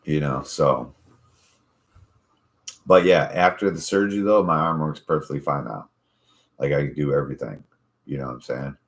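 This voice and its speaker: Very deep-voiced man telling rambling stories. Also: moderate pace, long pauses. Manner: profane, rambling storyteller. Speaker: podcast host. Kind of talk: casual chat.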